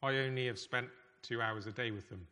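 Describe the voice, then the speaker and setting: A man preaching a sermon in a conversational, emphatic way, with pauses. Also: medium pitch, steady tone, bright, forceful tone. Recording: echoey hall reverb.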